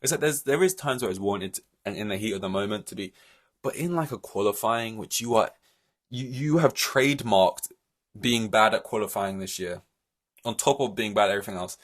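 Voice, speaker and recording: A man's voice: on the low side, brisk. A man hosting a solo podcast, ranting in an exasperated, rambling way with many fillers and restarts. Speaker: podcast host.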